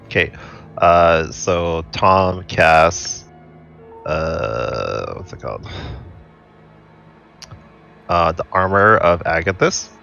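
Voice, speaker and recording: A man plays in a tabletop game, calling out his moves casually with fillers and short laughs. His voice sits very low yet sounds bright and forceful. Faint music runs underneath. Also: very slow, gravelly, pauses often, muffled recording. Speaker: player.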